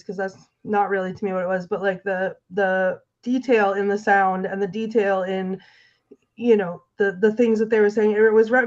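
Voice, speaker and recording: Hesitant woman on a dull line. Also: mid-range voice. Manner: hesitant, enthusiastic, lots of fillers. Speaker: podcast co-host. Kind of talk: casual film discussion.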